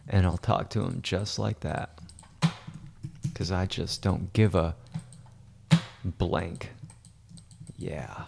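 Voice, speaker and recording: A man with a very low, gravelly voice rambles through casual livestream commentary. He jokes and boasts as he works, and he slips into a whisper for his asides. There is a steady rasp at the bottom of his voice. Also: slow, pauses often. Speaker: photo editor streaming his work.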